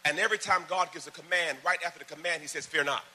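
High, bright-voiced preaching man. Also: fast talker, slightly rough. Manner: builds to loud fervent emphasis, drops to asides. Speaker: pastor. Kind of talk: preaching a sermon with call-and-response. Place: church before a congregation.

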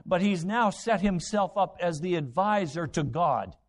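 A man's voice: high voice, lively intonation, measured pace. A man preaching a sermon, retelling Bible stories with dramatic voices and rhetorical questions. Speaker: pastor.

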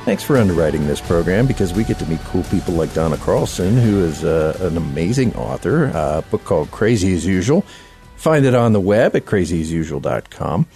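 A man hosting a radio talk show, chatty and lively, with plenty of fillers and restarts. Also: deep voice, brisk, faint music behind. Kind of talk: radio interview.

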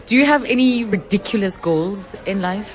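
A woman's voice: medium pitch, moderate pace. Female host, chatty and encouraging. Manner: encouraging, short affirmations. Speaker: interview host. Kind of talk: casual interview chat.

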